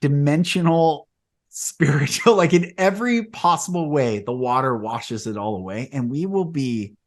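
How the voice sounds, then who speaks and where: A male podcast host in casual spiritual conversation, telling long rambling stories that grow animated as he retells them. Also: a little high, normal speed.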